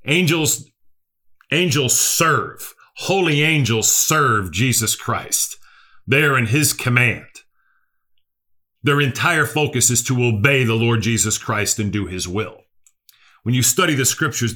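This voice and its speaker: A man's voice: medium pitch, sharp tone. A male preacher, delivering an earnest sermon that repeats key phrases and asks the listeners questions.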